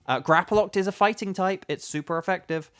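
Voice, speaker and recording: A man's voice: high voice, brisk, a bit bright, clean tone. A man chatting casually with viewers while streaming a video game, rambling with lots of fillers. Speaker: streamer and voice actor. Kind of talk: casual gaming livestream chat.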